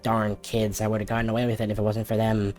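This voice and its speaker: A man's voice: lowish voice, monotone, quick pace, darkish tone, faint music behind, lightly acted. A man voicing a defeated male space villain who grumbles like a cartoon baddie. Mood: grumbling.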